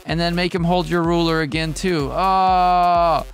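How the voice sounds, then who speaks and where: A man's voice: fairly high pitch, flat delivery, brisk, faint music behind. A man giving casual commentary on a reaction video, bemused and rambling, constantly questioning what he sees. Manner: bemused, keeps asking questions, rambling asides.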